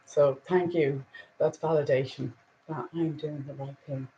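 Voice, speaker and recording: A woman hosting a casual spiritual talk and reading angel cards, earnest and reflective, with soft laughs and a little emotion. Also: low-pitched, steady tone, a little slow, lo-fi sound, a little hiss or hum.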